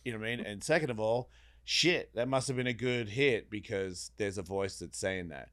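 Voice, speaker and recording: A man's voice: lowish voice, moderate pace. A man telling a long personal story in casual podcast chat, swearing freely and acting out the voices in it. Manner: animated, swearing, acts out voices in his story. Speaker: podcast guest.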